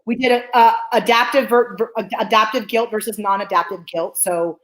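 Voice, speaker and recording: A woman's voice: fairly high pitch, normal speed, low-quality recording. A woman psychologist hosting a talk, teaching energetically, repeating key phrases and often checking in with "okay?". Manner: animated, repeats phrases for emphasis. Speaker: psychologist host.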